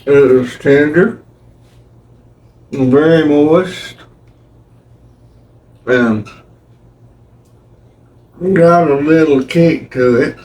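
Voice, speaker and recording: An older man with a Kentucky accent speaks slowly and easily in a folksy drawl. His voice sits a little high for a man and sounds a step away from the mic, like a husband chiming in at the kitchen table. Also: darkish tone, recorded from a distance, rough recording. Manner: slow, folksy, easygoing. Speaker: host's husband, taste tester.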